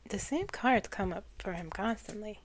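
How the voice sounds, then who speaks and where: A woman's voice: mid-range voice, expressive, normal speed, noisy background. A woman doing a casual tarot card reading for viewers, musing aloud and trailing off. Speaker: tarot reader.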